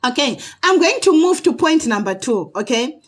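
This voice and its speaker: High-voiced woman giving earnest testimony. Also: sing-song, normal speed. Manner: earnest, often adds "okay?" to check in with viewers. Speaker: vlogger sharing personal experience. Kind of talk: personal testimony to camera.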